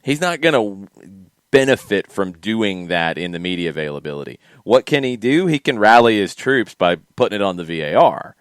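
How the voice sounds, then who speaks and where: A man co-hosting a casual soccer podcast, emphatic and opinionated, quick to push back. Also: on the low side, sing-song, clear, resonant tone, no echo, clean studio sound. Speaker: podcast co-host. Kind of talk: casual sports talk.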